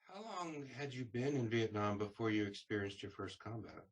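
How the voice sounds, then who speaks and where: A man interviewing a veteran, asking measured, thoughtful questions with some hesitation. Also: fairly low pitch, expressive. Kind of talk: oral history interview.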